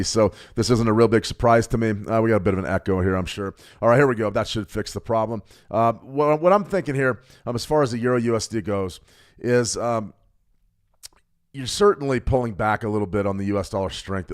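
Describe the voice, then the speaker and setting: Fast-talking man hosting a market stream. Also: lowish voice. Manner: energetic, chatty, greets viewers by name. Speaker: trading stream host. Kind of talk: live market commentary.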